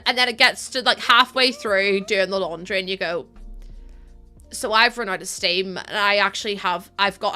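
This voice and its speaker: A woman's voice: medium pitch, pushed and bright. A woman, chatting casually on a live stream as she builds in a game, tired from little sleep and rambling with fillers and laughs.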